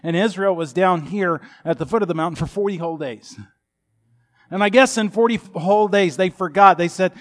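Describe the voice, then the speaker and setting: A man's voice: high voice, normal speed. Folksy, joking preacher in his fifties. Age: 50s. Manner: folksy, humorous, animated storytelling. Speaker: pastor. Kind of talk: sermon.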